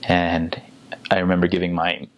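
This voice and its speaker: A young American man, a returned missionary, telling a story casually in a relaxed, halting way, full of fillers and restarts. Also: deep voice, no room sound, lo-fi sound. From United States.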